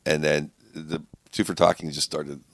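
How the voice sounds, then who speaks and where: A man's voice: extremely low pitch, little pitch movement, moderate pace, dry recording. A man who is a comedian, guesting on a podcast, talking in a rambling, repetitive way and jumping into quoted voices. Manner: rambling, repeats himself, jumps to quoted voices. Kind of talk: casual podcast chat.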